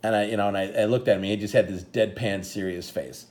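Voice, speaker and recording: Rambling middle-aged dad telling a story. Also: male voice, on the low side, steady tone, fast talker, a little mellow. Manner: rambling, full of restarts, gets choked up. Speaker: father and karate coach. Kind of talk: casual storytelling to camera.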